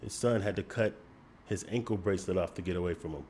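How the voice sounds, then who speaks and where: A man giving measured, critical commentary on a video. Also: low-pitched, darkish tone, a little hiss or hum.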